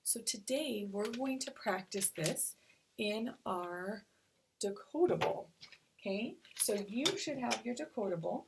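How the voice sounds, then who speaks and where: A woman teacher giving a recorded reading lesson to young children, slowly sounding out syllables. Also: mid-range voice, animated, gravelly, background noise. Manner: slow, stretched-out sounding of syllables.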